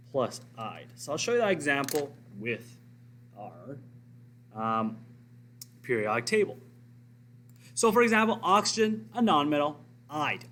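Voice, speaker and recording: A man's voice: fairly high pitch, a little hiss or hum. A man teaching a recorded science lesson, explaining step by step and asking and answering his own questions.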